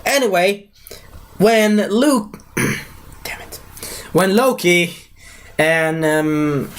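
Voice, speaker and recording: A young man giving a casual live movie review, rambling and excitable, with lots of fillers and broken grammar. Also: high-pitched, extremely slow, clear, resonant tone.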